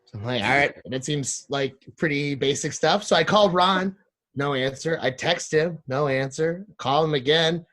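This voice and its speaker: A man's voice: fairly high pitch, normal speed. Foul-mouthed man telling a comic story. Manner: animated, acts out other people's lines, swears a lot. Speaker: podcast guest.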